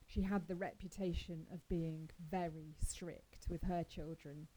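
A woman narrating a classic story in a measured, expressive storytelling manner. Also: lowish voice, low-quality recording. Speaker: audiobook narrator. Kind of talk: scripted narration.

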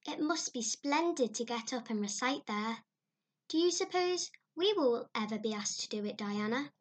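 A woman's voice: fairly high pitch, animated, normal speed, breathy edge. Woman voicing a rapturous, dramatic young girl. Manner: breathless and rapturous.

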